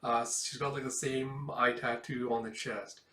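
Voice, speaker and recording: A man's voice: medium pitch, little pitch movement, a little slow, a bit bright. Guy rambling thru a comic, lots of likes and uhs, echoey room. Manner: rambling, filler-heavy retelling. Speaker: comic book reader and reviewer. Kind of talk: casual read-through with reactions. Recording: roomy echo.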